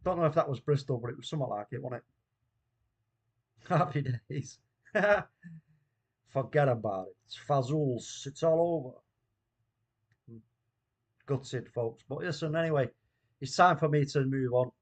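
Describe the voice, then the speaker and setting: A man's voice: a little high, unhurried, long pauses. A man hosting a casual live watchalong stream, bantering, reading the chat aloud, and laughing often. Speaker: watchalong host.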